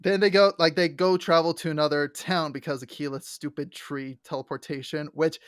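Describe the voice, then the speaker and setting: A young adult woman co-hosting a casual podcast, excitedly retelling scenes with lots of likes, restarts and acted-out quotes. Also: sits low, brisk, clean tone, no room sound, clean studio sound. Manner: animated storyteller, acts out quotes with many likes and restarts. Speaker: podcast co-host. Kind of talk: casual fan chat.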